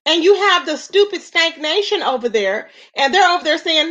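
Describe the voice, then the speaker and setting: A woman's voice: very high voice, expressive, moderate pace, sharp tone. A woman hosting a live stream, talking with sass and exasperation, asking rhetorical questions and greeting viewers with endearments. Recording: dull lo-fi stream audio.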